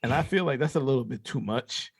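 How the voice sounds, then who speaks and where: A man's voice: mid-range voice, gravelly, husky, dry recording. A young man with a slight lisp, co-hosting a podcast in a loose, rambling chat full of fillers. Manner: laid-back, rambling, drawn-out fillers. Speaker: podcast co-host. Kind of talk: casual chat.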